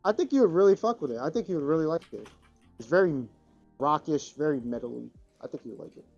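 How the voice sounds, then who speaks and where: A man's voice: fairly high pitch, animated, fast, vocal fry, a little mellow, lo-fi sound, faint music behind. A man co-hosting a podcast in casual chat, rambling and profane. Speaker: podcast co-host.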